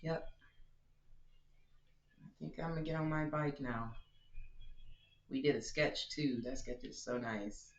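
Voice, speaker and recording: A man's voice: mid-range voice, a little slow, pauses often. A man chatting casually to his viewers while playing a game live, giggling often and calling his audience y'all. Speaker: game streamer. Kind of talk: casual live-stream chat while gaming. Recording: roomy, slightly dull live-stream audio.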